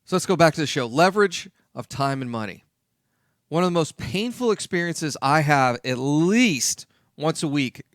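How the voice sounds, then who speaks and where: A man's voice: fairly high pitch, a bit bright, no echo, clean studio sound. A man hosting a talk radio show, speaking emphatically and repeating his key points.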